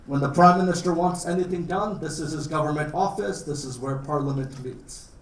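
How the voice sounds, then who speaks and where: A man's voice: on the high side, brisk, a little hiss or hum. Canadian guy teaching a class, joking around, roomy sound, kinda far from the mic. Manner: playful, simple wording for learners, jokes. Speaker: guest lecturer. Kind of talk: classroom talk about his country. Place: classroom or lecture hall. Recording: roomy, distant classroom recording.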